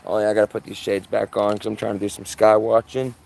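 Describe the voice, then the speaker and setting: A man streaming live outdoors from his yard on a phone camera. He comments on the sky in an urgent, excitable way and keeps repeating himself. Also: on the low side, fast talker, vocal fry. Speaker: livestreamer.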